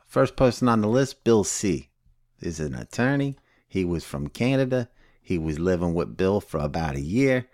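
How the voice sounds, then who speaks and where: Brief: a man playing a blunt, cussing recovery sponsor, very low voice, dry close sound, sardonic teaching. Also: big pitch swings, normal speed, a little mellow, dry recording. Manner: blunt, swears constantly, sardonic. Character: blunt, foul-mouthed woman sober AA sponsor. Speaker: recovery step instructor. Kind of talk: casual profane teaching.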